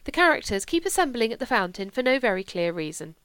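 Brief: a woman voicing a detached young man in a storybook reading, wry and measured, in her own smooth tone. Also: a little high, big pitch swings, a bit bright, dry recording.

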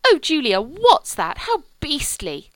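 A woman voicing a blunt, lively young girl who talks eagerly and exclaims a lot. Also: high voice, slow, no room sound, pitched above the performer's own voice, heavily acted. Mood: excited.

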